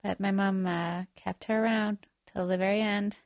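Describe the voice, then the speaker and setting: A woman with a mid-range voice tells stories in a giggly, animated way during a casual chat. The recording is dry and close. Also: mid-range voice, moderate pace, no echo.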